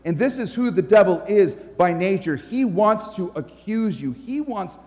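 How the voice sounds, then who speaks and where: A man's voice: sits high, expressive, unhurried, a little mellow. Brief: an emphatic male preacher delivering a sermon in a reverberant church. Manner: earnest, emphatic, storytelling. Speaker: pastor.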